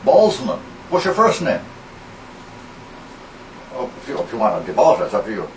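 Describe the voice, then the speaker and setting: A man's voice: medium pitch, very animated, normal speed. A man playing a crude, blustering uncle who swears heavily at a teacher in an improvised comedy sketch. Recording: echoey, distant, noisy amateur recording.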